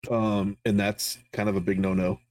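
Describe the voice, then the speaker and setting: A man's voice: lowish voice, flat delivery, normal speed, darkish tone, no echo. A middle-aged military veteran co-hosting a podcast, telling stories in casual, profane chat and often laughing at his own punchlines.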